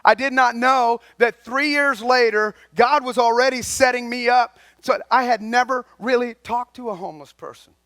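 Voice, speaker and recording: Man, high voice, folksy chatty preacher, close dry sound, loud-to-hushed delivery. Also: moderate pace, hardly any pauses, no room sound. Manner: folksy, conversational preaching that swings between loud and quiet. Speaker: lay speaker at a chapel. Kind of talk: sermon.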